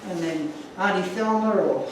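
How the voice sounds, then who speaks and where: A man's voice: sits high, normal speed, noisy background. A man giving an emotional, earnest talk to an audience, telling stories with slides. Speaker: speaker. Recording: echoey room from far off.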